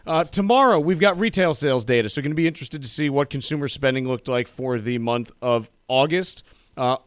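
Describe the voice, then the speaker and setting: A man's voice: mid-range voice, dry recording. Man, radio co-host, casual market chat, dry humor, close dry sound.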